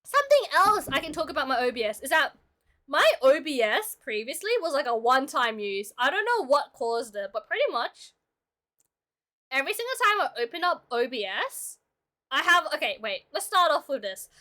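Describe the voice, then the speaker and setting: A young woman illustrator streams herself drawing and chats casually with viewers in a high, sing-song voice that is pushed and bright. She keeps a moderate pace, talking to chat in a playful, chatty way.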